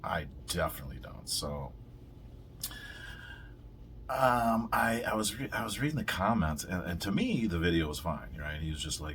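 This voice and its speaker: A low-voiced man hosts his podcast in a loose, rambling rant. He swears constantly and drifts off topic. A faint hiss sits under his voice. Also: animated, fairly bright tone. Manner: rambling, heavy swearing, quick laughs. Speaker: podcast host. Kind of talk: casual profane rant.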